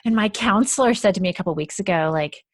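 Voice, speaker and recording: A woman's voice: mid-range voice, quick pace, a little hiss or hum. A woman hosting a podcast, asking questions and sharing thoughts in a reflective, searching way. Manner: reflective, searching, many fillers like "like". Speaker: podcast host. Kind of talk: casual interview chat.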